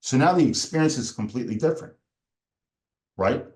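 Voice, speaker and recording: Hombre con entonación muy expresiva. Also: male voice, mid-range voice, animated, moderate pace. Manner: explains step by step, acts out angry inner voices. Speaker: performance coach. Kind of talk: podcast interview.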